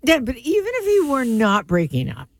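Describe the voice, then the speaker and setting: A woman's voice: on the high side, huge pitch swings, brisk, no echo. A woman co-hosting a talk radio show, teasing and sarcastic in banter.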